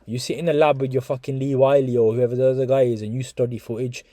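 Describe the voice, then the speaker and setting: A man's voice: medium pitch, quick pace, dry recording. A man giving casual, swearing boxing reaction commentary to his viewers. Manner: swearing, animated, talks to viewers as guys. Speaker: boxing YouTuber.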